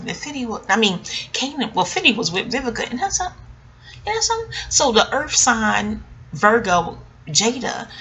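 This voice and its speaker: A woman with a bright, forceful voice rambles through a casual TV episode review. She jokes, swears freely and drifts into asides. Her pitch sits in an ordinary middle range for a woman. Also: slight background noise. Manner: rambling, scattered and joking, with frequent asides. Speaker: TV recap vlogger.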